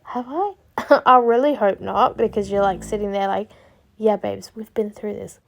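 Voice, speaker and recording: Chatty, self-mocking young woman, a touch high. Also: creaky. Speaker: cleaning vlogger. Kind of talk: casual voice-over chat.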